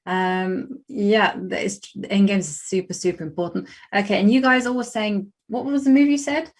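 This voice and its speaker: Young west london english woman streaming chess, chatty, laughs a lot, thinks out loud. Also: mid-range voice, fairly even intonation, normal speed. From England. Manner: chatty, laughs often, thinks aloud with restarts. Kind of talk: casual live-stream chat while playing chess.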